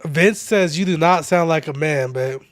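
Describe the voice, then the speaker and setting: A man's voice: on the high side, normal speed. Man, game streamer, laid-back, teasing, casual chat, at home.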